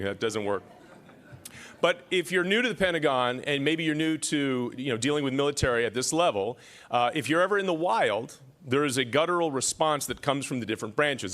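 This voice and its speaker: A middle-aged emcee stands at the podium mic in a large award-ceremony hall, delivering a joke-filled speech and ribbing the crowd. His mid-range voice is animated, fairly quick, and fairly bright.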